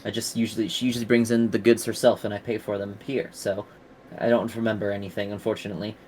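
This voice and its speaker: A man's voice: lowish voice, level tone, quick pace, darkish tone, slight background noise, lightly acted. A man playing a chatty tavern woman. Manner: chatty, rambling, polite. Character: friendly woman tavern keeper.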